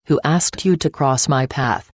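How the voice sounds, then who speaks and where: A woman reading the part of a cruel, gloating middle-aged male poisoner with a slow, taunting manner. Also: very deep voice, no echo, studio quality, full character voice.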